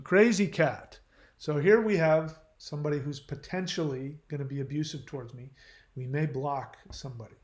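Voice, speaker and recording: A man's voice: on the high side, moderate pace, a little mellow, echoey room. A man hosting his channel, reading viewer comments aloud and answering them in a blunt, lecturing way.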